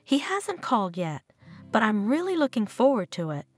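A woman's voice: on the high side, big pitch swings, normal speed, soft background music. A woman voicing a frightened, injured young woman in an audio story, pleading and tearful. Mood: worried. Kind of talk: storybook narration.

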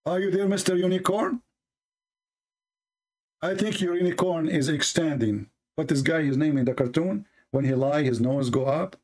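Man, sarcastic debate host, mocking tone, slightly high voice. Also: darkish tone. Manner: sarcastic, reads texts aloud slowly, mimics opponents in a high voice. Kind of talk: mocking religious debate commentary.

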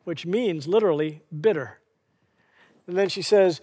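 A man's voice: a little high, fairly quick, a little mellow, in a large hall. A male pastor preaching a sermon, retelling a scripture story and asking the congregation rhetorical questions.

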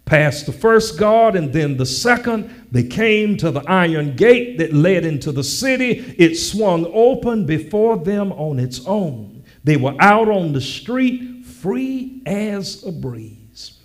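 Male pastor preaching in an unhurried, drawn-out delivery that climbs to shouts. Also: high voice, big pitch swings. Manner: teasing the congregation, repeating lines slowly; builds to shouted preaching cadence. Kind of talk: sermon.

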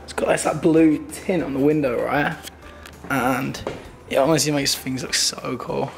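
A man's voice: mid-range voice, fairly even intonation, a little slow, gravelly, faint music behind. A young man with an English accent, chatting casually to camera in a joking travel vlog. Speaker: vlogger.

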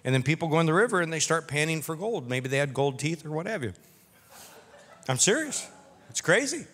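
A man's voice: a little high, very animated, a little fast, fairly bright tone, in a large hall. A man preaching a sermon as pastor, talking in a conversational way and stopping for humorous asides.

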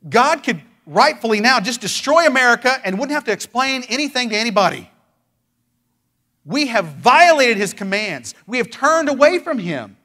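A male pastor preaching a sermon with fervent intensity, moving from loud declarations to hushed pleading and drawing out phrases for emphasis. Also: very high-pitched, sing-song, normal speed.

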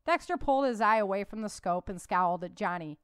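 A woman author narrates her novel in an even, measured storytelling voice, then talks about it casually. Her voice is smooth and clear, at a middle pitch. The recording is dry and close. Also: no room sound. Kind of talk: audiobook narration and conversational commentary.

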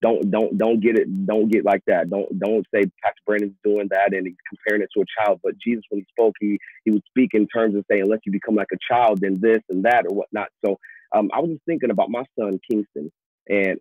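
Pastor guy talking it through, earnest, kinda husky, sounds like a phone line. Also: lowish voice, a little fast, dry recording. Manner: earnest, repeats and restarts words. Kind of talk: casual talk show discussion. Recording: tinny phone-like audio.

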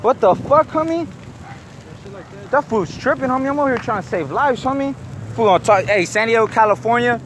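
A young man outdoors near a big fire, angrily confronting someone and cursing as he films on a phone. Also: high voice. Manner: angry, confrontational, swearing, repeating "homie". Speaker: bystander filming. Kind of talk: heated phone video commentary. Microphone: handheld phone. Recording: noisy outdoor phone recording.

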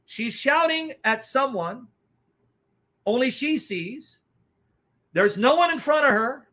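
An animated man recounting a gospel testimony, bouncing between hushed asides and sudden bursts. His voice is high and bright with a tense edge. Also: takes it slowly. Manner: animated, dramatic, acts out reactions. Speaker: evangelist. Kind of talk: testimony storytelling.

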